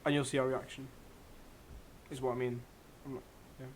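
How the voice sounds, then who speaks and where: A man's voice: mid-range voice, flat delivery, normal speed. Young guy gushing about a show, keeps fixing what he just said, chatty. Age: young adult. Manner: enthusiastic, self-correcting, chatty. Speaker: co-host reviewing a TV series. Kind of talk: casual chat.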